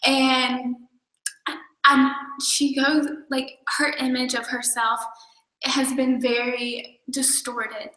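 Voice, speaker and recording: A woman's voice: high voice, little pitch movement, slow pace, sharp tone. A young woman student telling a story in casual chat, earnest and full of fillers. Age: young adult. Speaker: student volunteer. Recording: roomy echoey sound.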